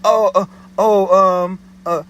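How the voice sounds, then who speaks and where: Flustered office woman voiced by a man, high and stammering, full of excuses. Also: big pitch swings, moderate pace, slight background noise. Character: flustered evasive woman office clerk on phone.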